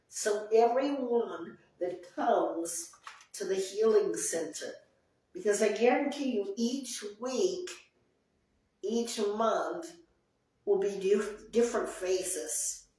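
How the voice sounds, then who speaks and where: A woman's voice: medium pitch, darkish tone, far from the mic. A woman leading a support group talk, speaking earnestly and repeating her phrases for emphasis. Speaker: group session leader. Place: group meeting room. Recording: very echoey room, voice off-mic.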